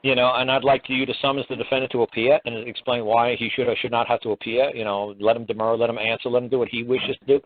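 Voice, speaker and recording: A man's voice: mid-range voice, flat delivery, fast, few pauses, no echo. Man, radio host, casual rambling talk, repeats himself, dry narrow phone-line sound. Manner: plainspoken and rambling, stumbles and repeats words.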